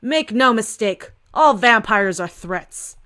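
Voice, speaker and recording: A woman's voice: fairly high pitch, expressive, bright, forceful tone, full character voice. A woman doing a stern police captain. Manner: slow, emphatic.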